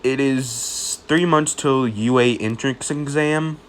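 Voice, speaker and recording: A man's voice: medium pitch, slow. A young man casually improvising a fan-fiction story, rambling with fillers and jokes. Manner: rambling, full of fillers and restarts, jokey.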